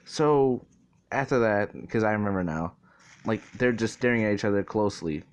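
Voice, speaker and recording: A man's voice: lowish voice, normal speed, clean tone. A man casually retelling a fan story, rambling and swearing, with many fillers. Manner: rambling, profane, full of fillers like "basically" and "like".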